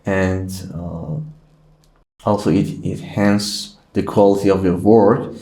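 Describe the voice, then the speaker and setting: A man's voice: low-pitched, steady tone, slow, vocal fry, mellow. A young man from Iran, a guest in a casual interview, talking playfully with frequent hesitations. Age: young adult. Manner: playful, hesitant, lots of fillers.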